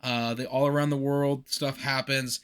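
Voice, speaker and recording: Man, podcast co-host, casual chat, bright tone, animated, rambling. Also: medium pitch, moderate pace, clean tone. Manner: animated, laughing, rambling recaps. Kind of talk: casual chat about a movie.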